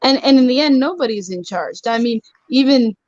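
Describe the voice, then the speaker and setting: A woman's voice: sits high, animated, fairly quick, a little mellow, no room sound. Guest: woman, frank and emphatic, dry, slightly dull lo-fi sound. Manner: frank, emphatic, talks with filler ums. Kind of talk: casual chat.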